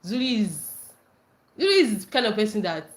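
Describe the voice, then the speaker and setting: A woman's voice: medium pitch, big pitch swings, normal speed. A woman hosting a casual livestream, reading viewer comments aloud and reacting with frequent laughter and squealed greetings. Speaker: livestream host.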